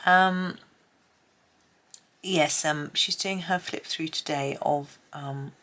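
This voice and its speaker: A woman's voice: deep voice, fairly even intonation, takes it slowly, pushed and bright. A woman with a mild British accent, chatting in a rambling way as she colours at her desk at home. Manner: rambling, chatty, many ums and restarts. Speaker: colouring channel host. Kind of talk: casual chat while colouring.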